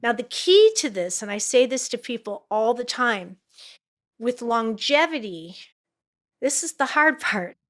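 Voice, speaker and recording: A middle-aged woman from Los Angeles talks in a podcast interview about teaching actors. Her voice sits a little high, and she tells her stories with plenty of energy. She jumps into an excited voice when she quotes people. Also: unhurried. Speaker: acting teacher and coach.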